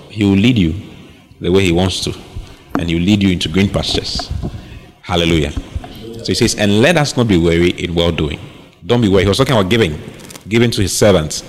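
A man preaching a sermon on giving, repeating phrases for emphasis and reading scripture aloud. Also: low voice.

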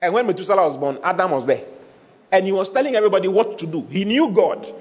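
A man's voice: sits high, expressive, quick pace, a little mellow. A man preaching a teaching sermon, repeating key phrases and checking that his listeners follow. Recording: long hall reverb.

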